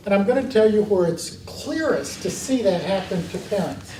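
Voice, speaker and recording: A man's voice: high-pitched, lively intonation, normal speed, few pauses, mellow. A man teaching a parenting class in a church, earnest and storytelling, with emphatic stresses. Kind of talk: classroom lecture. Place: church meeting room. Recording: echoey room from far off, faint hiss.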